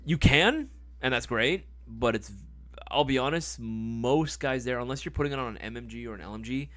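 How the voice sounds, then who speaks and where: A man hosting a casual live-stream sales chat, playful and quick to swear. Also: medium pitch, a bit bright.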